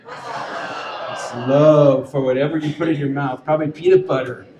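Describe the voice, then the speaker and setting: A man's voice: fairly high pitch, steady tone, normal speed, darkish tone, slight background noise. A man leading a congregation in a casual church talk, joking and coaxing the crowd to answer. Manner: playful, joking, coaxes the audience to respond. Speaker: worship leader and speaker. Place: church sanctuary. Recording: roomy church with music behind.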